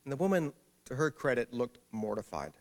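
A man's voice: medium pitch, very animated, brisk. A middle-aged man, an author, gives a humorous public talk and tells a wry, self-deprecating story. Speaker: author speaking at an event.

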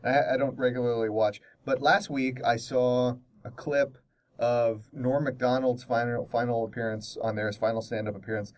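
A man's voice: mid-range voice, steady tone, distant mic. Rambling man, slightly off-mic. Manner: rambling, halting restarts. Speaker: podcast co-host. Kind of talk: casual chat.

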